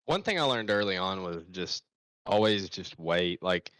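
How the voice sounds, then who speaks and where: Man with a very deep voice. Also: lively intonation, normal speed, fairly bright tone, no echo, poor audio. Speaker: guest, former sim racer. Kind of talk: casual podcast storytelling.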